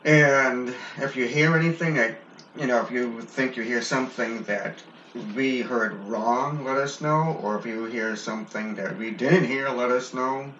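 A man's voice: mid-range voice, unhurried, fairly bright tone. A man co-hosting a paranormal investigation show, plainly agreeing and talking through recordings. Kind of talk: casual commentary on recordings. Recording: echoey, muffled lo-fi recording with faint hiss.

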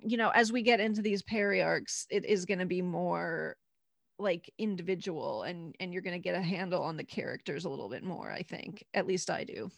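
A woman's voice: fairly low pitch, moderate pace, gravelly, dry recording. A woman hosting a podcast in casual chat, giggly and encouraging, hedging her points. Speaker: podcast host.

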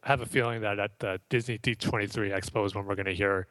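A man's voice: fairly low pitch, fairly even intonation, fast, a bit bright, no room sound, poor audio. A man co-hosting a podcast in casual chat, eager and chuckling often. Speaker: podcast co-host.

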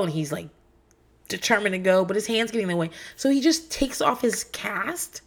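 A woman's voice: medium pitch, expressive, normal speed, a bit bright. A young woman telling candid, profane stories in casual chat. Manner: candid and profane, storytelling with laughs.

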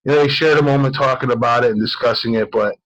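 Man, podcast host, casual storytelling, meandering, middle pitch. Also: quick pace, fairly bright tone, highs cut off.

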